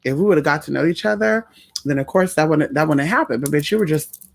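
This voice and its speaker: A woman's voice: sits low, expressive, brisk, gravelly. Sassy chatty trans woman vlogger. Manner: sassy, chatty, addresses viewers as y'all and honey. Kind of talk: casual storytelling to viewers.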